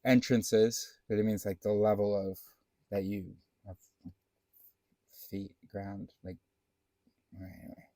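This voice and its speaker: A man's voice: on the low side, monotone, slow, long pauses, warm tone, no echo. A man vlogging in a casual, meandering monologue, thinking aloud with many fillers and restarts and swearing now and then.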